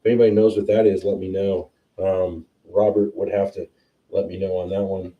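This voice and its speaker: A man hosting a whiskey tasting livestream, chatting casually and excitedly as he tastes. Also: low-pitched, brisk, far from the mic, narrow, tinny audio. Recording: roomy sound, a bit off-mic.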